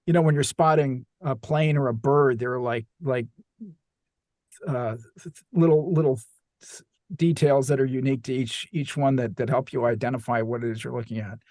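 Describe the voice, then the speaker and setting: A man's voice: mid-range voice, steady tone, moderate pace, a little mellow, no echo, studio quality. A male audiobook narrator in casual podcast chat, thoughtful and searching for words, often restarting his sentences.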